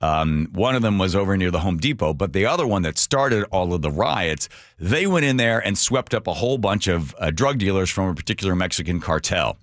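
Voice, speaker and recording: A man's voice: sits low, expressive, brisk, no room sound, studio quality. A middle-aged man hosting a radio talk show, delivering a sarcastic, mocking monologue and acting out quotes in a raised voice. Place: radio studio. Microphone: studio microphone.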